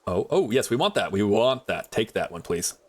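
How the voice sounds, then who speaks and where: Chatty guy streaming a zombie game, pitch jumps all over, rambles and talks to his loot. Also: very animated, moderate pace. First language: English is his only language. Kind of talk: casual gameplay commentary.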